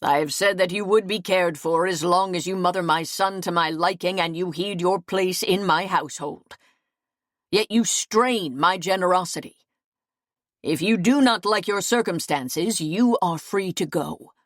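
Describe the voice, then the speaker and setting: A stern medieval lord lays down the law with cold, measured authority, as a woman reading an audiobook gives him voice. The voice sits low and close in a dry, dead room. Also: no echo, natural voice. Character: stern commanding medieval lord, adult man.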